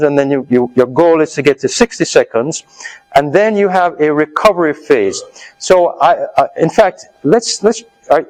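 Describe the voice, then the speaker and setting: A man's voice: fairly high pitch, low-quality recording. Man leading a health seminar. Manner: coaching, urging the audience on loudly. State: out of breath. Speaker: health speaker leading a workshop. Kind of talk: live seminar talk with group exercise.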